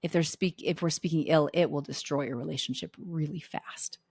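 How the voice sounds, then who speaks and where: A woman's voice: deep voice, steady tone, brisk, a little mellow, husky, no room sound, clean studio sound. A middle-aged woman hosting a homeschooling podcast, chatting casually and telling family stories as she acts out the dialogue. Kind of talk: casual anecdotal talk to listeners.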